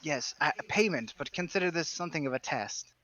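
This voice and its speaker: A man's voice: on the high side, lively intonation, brisk, sharp tone, highs cut off, a little hiss or hum. A man voicing a pompous, fussy aristocrat patron in a tabletop game. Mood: haughty. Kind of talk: tabletop role-play voicing.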